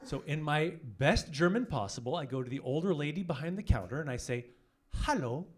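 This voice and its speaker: This is a man in his forties doing stand-up comedy into a handheld mic on a club stage. His voice sits high for a man and leaps around a lot in pitch. He jumps into loud, exaggerated voices whenever he hits a punchline. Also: expressive, brisk. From French-speaking Canada. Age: 40s.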